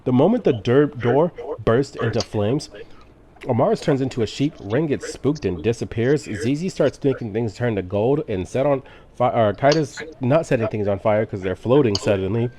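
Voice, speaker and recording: A man narrating as game master in a tabletop game, quick and matter-of-fact. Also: mid-range voice, lively intonation, a crowd in the background.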